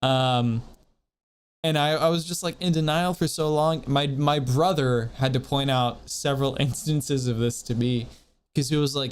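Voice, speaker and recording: A man's voice: mid-range voice, fairly even intonation, measured pace, clear, resonant tone. A man streaming a game and chatting casually, rambling and poking fun at himself. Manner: rambling, self-deprecating, jokey. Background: faint music.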